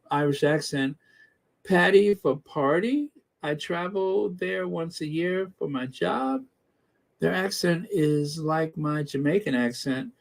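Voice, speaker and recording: Host, middle-aged man from the Midwest: casual, slow-talking chat over live comments, slightly high voice. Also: creaky. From American Midwest. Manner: chatty, laughs often, reads comments aloud with frequent fillers.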